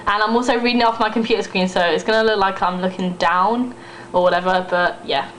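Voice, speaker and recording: A woman's voice: mid-range voice, steady tone, quick pace, fairly bright tone, slight background noise, low-quality recording. A young woman with an East Midlands accent, vlogging casually, chatty and giggly, rambling with fillers while reading a word list off her computer. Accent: East Midlands English. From Northamptonshire, England.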